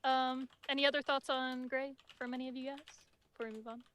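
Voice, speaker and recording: A woman hosting a casual review chat over a home video call, excitable and chatty, with many fillers. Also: sits high, quick pace, smooth. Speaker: podcast host.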